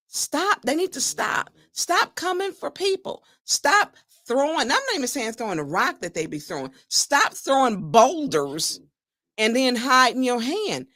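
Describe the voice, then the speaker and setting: Woman host riffing on a clip, animated and fired up, dry close sound. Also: high-pitched, no room sound. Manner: animated, laughing, indignant. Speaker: show host. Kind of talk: commentary on a political clip.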